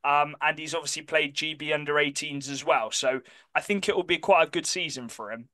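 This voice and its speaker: A man co-hosting a casual sports podcast, chatty and quick to correct himself mid-sentence. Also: a little high, bright, forceful tone, dry recording. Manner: chatty, self-correcting, apologetic about pronunciation. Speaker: podcast co-host.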